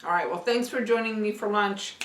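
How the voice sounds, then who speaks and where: A woman's voice: mid-range voice, brisk, fairly bright tone, slight background noise, poor audio. An older woman from Missouri chatting casually to her camera at home, homely and friendly with her viewers. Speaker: vlogger. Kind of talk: casual vlog chat to camera. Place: home kitchen. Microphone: handheld camera.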